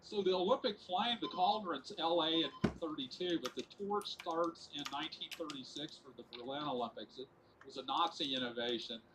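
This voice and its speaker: A man supplying history facts in casual podcast chat, steady with some fillers. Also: a little high, fairly quick, noisy background.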